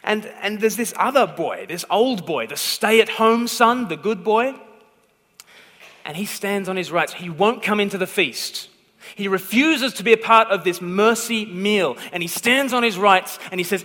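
A man's voice: high voice, expressive, unhurried, pushed and bright, long reverb tail. A man preaching a sermon, telling a story emphatically and often checking in with the listeners. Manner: emphatic storytelling, repeated "okay?" check-ins.

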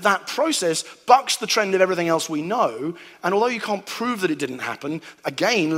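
A man giving a lively, animated talk to an audience, acting out sounds and voices. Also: fairly high pitch. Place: hall with a live audience. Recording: long hall reverb.

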